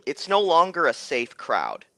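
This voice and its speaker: A young man narrating as game master, rambling with many halting restarts. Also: on the high side, wildly swooping pitch, creaky, fairly bright tone, dry recording.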